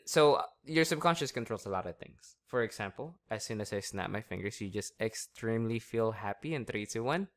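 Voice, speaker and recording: Man, hypnotist, slow soft induction patter, casual laughing chat. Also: mid-range voice. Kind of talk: hypnosis session.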